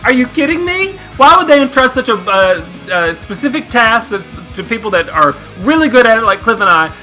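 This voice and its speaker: Animated high-voiced male comedy host. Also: a little fast, faint music behind. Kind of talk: improvised comedy banter.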